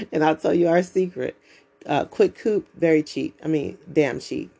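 A woman's voice: low-pitched, normal speed, vocal fry, warm tone. A woman from the United States, hosting her own podcast in a blunt, profane, preachy monologue. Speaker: podcast host.

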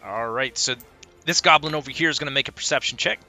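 A man with a very bright, sharp voice runs a tabletop game as game master. He narrates each attack in vivid detail and reasons through distances out loud. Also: medium pitch, fast, faint music behind. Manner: descriptive, works out distances aloud.

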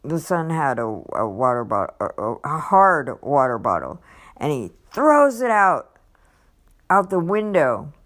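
A woman's voice: sing-song, a little slow, fairly bright tone. A woman casually telling a personal story, rambling with lots of fillers and restarts and acting out other people's lines. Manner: acts out others' lines with raised pitch.

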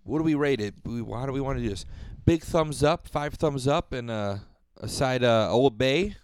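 A man co-hosting a casual music podcast, talking in a rambling, profane way with lively jumps in pitch. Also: moderate pace, clear, resonant tone, dry recording, clean studio sound. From Rochester, New York. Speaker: podcast co-host. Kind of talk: casual chat.

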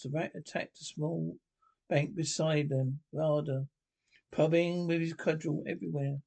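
A man with a gravelly, husky voice reads a classic storybook aloud. His reading halts often and he goes back to restart words. His voice sits a little higher than most men's. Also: fairly even intonation, darkish tone. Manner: halting reading with frequent restarts. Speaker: storybook reader. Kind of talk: reading a children's novel aloud.

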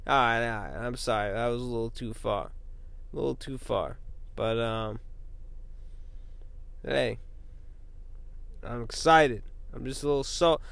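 A man's voice: on the high side, sing-song, a little slow, vocal fry, pauses often, smooth, dry recording. A young man hosting a loose, rambling solo show from a car, joking, trash-talking and swearing freely. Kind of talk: rambling casual monologue.

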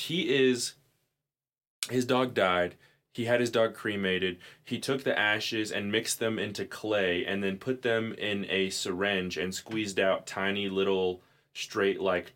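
Brief: male podcast host, somewhat low voice, loose rambling chat with laughs and swearing. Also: a bit bright. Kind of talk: casual chat.

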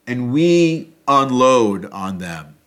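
Man, mid-pitched voice, reflective self-help talk, thinking aloud, hesitant restarts, loudness shifting up and down. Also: big pitch swings, very slow.

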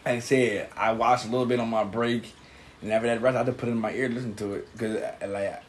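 A man co-hosting a casual TV recap chat, talking in a halting, laid-back way with slang and repeated words. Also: mid-range voice, fairly even intonation, slight background noise. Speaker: podcast co-host.

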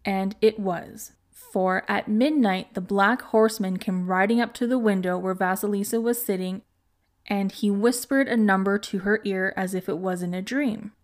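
Woman calmly narrating a folk tale. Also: mid-range voice, normal speed. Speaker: podcast host. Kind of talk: storytelling narration.

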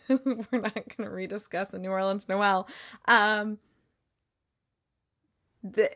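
A woman's voice: medium pitch, fairly bright tone. A woman hosting a movie review show, chatting casually in a rambling, sarcastic way with lots of fillers. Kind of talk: casual chat.

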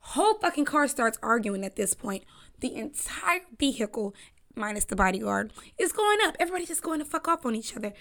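A woman's voice: fairly high pitch, sing-song, fairly quick, gravelly, sharp tone. A young woman hosting a casual talk show, rambling and cussing with laughing asides. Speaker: podcast host. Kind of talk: casual storytelling chat.

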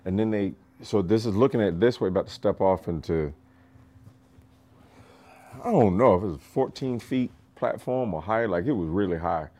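Low-voiced man telling profane stories. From rural United States. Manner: profane, animated, laughs often. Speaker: podcast storyteller, martial arts master. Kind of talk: casual storytelling.

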